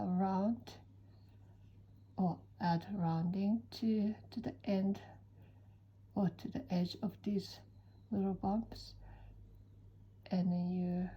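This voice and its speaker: A woman giving a calm step-by-step drawing tutorial, soft-spoken and often dropping to a near whisper. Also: mid-range voice, breathy edge, lo-fi sound. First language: Japanese. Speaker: certified drawing-art teacher.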